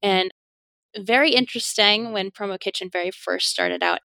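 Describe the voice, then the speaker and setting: A woman's voice: mid-range voice, wildly swooping pitch, normal speed, sharp tone, no room sound. A middle-aged woman, a podcast guest, telling stories in a casual interview, laughing often and acting out the speech she quotes.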